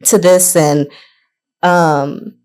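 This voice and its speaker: Slow-talking emotional woman podcaster. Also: on the low side, steady tone, darkish tone, clear, resonant tone. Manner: emotional, chokes up while speaking. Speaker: podcast co-host. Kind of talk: casual podcast chat.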